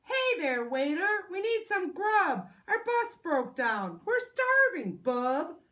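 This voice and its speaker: A woman voicing a pack of hungry, brash raccoons in a storybook reading, with a gruff, demanding shout. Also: extremely high pitch, big pitch swings, takes it slowly, voice pushed up, exaggerated voice.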